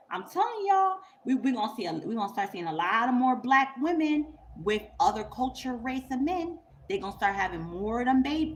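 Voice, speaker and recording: A young woman, telling a story to camera in a blunt, profane, animated way and laughing often. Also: mid-range voice, a little hiss or hum. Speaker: vlogger. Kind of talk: unscripted storytime rant.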